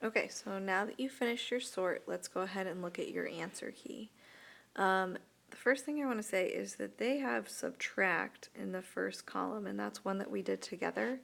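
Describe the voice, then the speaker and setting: A woman teacher giving a recorded lesson to young students, talking slowly and carefully and repeating each word. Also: mid-range voice, gravelly, fairly bright tone. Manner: slow, deliberate, repeats words for young students. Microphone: tablet microphone.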